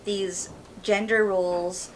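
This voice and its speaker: A woman's voice: medium pitch, flat delivery, slow, far from the mic, slight background noise, poor audio. A woman co-hosting a podcast, speaking candidly and firmly in casual conversation, with frequent fillers. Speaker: podcast co-host.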